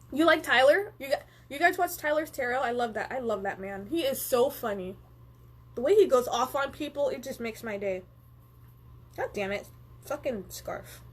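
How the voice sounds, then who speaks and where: A woman's voice: sits high, husky. A young woman hosting a live stream, chatting casually and swearing freely as she reads viewer comments and answers them. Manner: animated, profane, reads viewer comments aloud.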